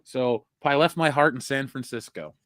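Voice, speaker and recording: A man's voice: medium pitch, normal speed, fairly bright tone, dry recording, clean studio sound. A man co-hosting a casual pop culture chat, joking around and riffing on terrible puns. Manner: jokey, riffs on bad puns. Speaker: podcast co-host.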